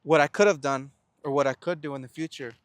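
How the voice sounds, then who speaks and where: This young man's voice sits on the high side, smooth and steady, with a quick pace and no room sound. Speaking to the camera in an earnest, reflective self-help monologue, he asks and answers his own rhetorical questions, stammering and repeating words.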